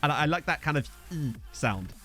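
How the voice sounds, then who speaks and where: A man streaming a football management game, rambling and riffing with his chat between excitable outbursts. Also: a little high, fast, faint music behind.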